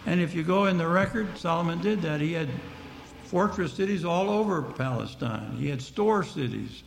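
Man, preacher, gravelly voice, fairly high pitch, conversational Bible teaching, echoey room. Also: animated, moderate pace, slight background noise. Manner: conversational, explains verse by verse and addresses listeners directly.

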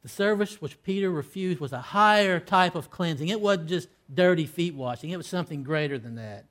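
A man preaching a sermon, acting out scripture dialogue, with loud emphatic peaks that fall to hushed, low line endings. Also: fairly quick. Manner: acts out quoted lines in old-fashioned scripture wording.

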